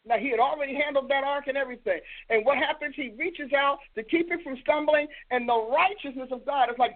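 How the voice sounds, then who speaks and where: A woman's voice: sits high, a little fast, hardly any pauses. Woman host preacher, scolding rhetorical style, telephone-quality audio. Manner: emphatic, scolding rhetorical questions. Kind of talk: preaching broadcast. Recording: tinny phone-line sound.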